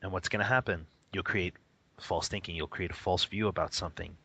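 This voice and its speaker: Animated low-voiced man teaching. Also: a little fast, husky, no echo. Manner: animated, laughing, acting out quoted reactions. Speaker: Buddhist teacher. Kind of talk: radio interview, casual explanation.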